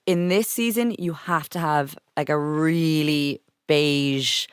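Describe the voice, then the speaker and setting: A woman hosting a podcast in casual chat, talking in a chatty, animated way with lots of fillers. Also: low voice, takes it slowly, smooth, dry recording, studio quality. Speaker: podcast host.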